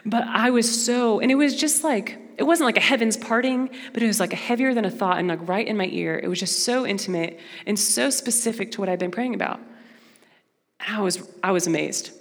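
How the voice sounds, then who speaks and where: A young woman giving a personal testimony talk to a Christian audience in an earnest, conversational, expressive way. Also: medium pitch, brisk. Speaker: Christian speaker. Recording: long hall reverb.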